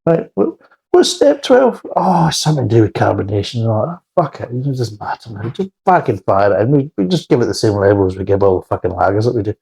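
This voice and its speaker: A man's voice: fairly low pitch, sing-song, fast, creaky, mellow, breathy edge, low-quality recording. Sweary, blunt man reviewing beer. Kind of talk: casual spoken review.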